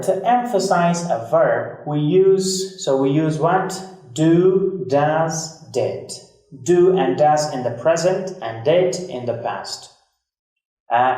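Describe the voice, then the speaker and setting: Male grammar teacher, higher-pitched voice, patient and deliberate, recorded from a distance. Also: darkish tone. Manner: patient, repeats key words slowly. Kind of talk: explaining a grammar lesson. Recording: very echoey room, mic far off.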